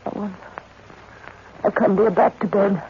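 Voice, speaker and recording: An actress playing an earnest young governess who frightens easily, in a breathy, theatrical 1940s radio-acting style. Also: female voice, medium pitch, steady tone, unhurried, natural voice. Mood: soothing. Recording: muffled, hissy old radio recording.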